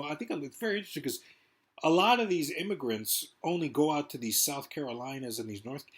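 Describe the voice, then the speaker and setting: Husky man ranting fast. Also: medium pitch. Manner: rambling, profane, fast-talking. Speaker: vlogger. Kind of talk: ranting political monologue.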